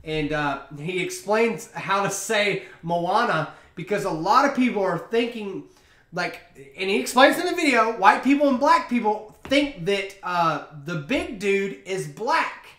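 Over a beer, this young podcast host rambles through a casual, offhand chat. He speaks a little slowly in a high, expressive, slightly bright voice, with roomy echo around him.

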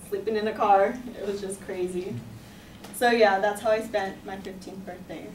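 A woman's voice: medium pitch, fairly quick, slight background noise. Chatty young woman telling a story. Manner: chatty, animated, full of "like" and laughs. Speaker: student storyteller. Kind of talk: personal story told to a class. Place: classroom. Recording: echoey room, voice from a distance.

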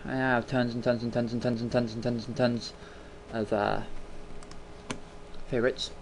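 A man's voice: mid-range voice, level tone, normal speed, noisy background. Chatty man explaining audio settings. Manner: chatty, rambling, repeats words for emphasis. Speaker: video tutorial host. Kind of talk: casual screen-recording tutorial.

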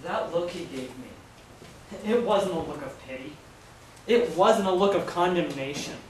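A man's voice: sits high, animated, moderate pace. Guilt-ridden apostle, played by a man, anguished, heard from far off in a reverberant room. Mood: broken. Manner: anguished, self-questioning. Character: remorseful male apostle, a friend who denied his master. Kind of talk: stage play monologue. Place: school hall. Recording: distant echoey hall with hiss.

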